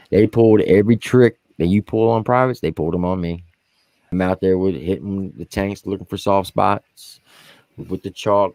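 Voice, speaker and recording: A man and army veteran co-hosting a podcast, telling profane war stories in a casual, animated way and acting out what others said. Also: vocal fry, no echo. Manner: animated, profane, acts out quotes in high voices. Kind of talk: casual storytelling among veterans.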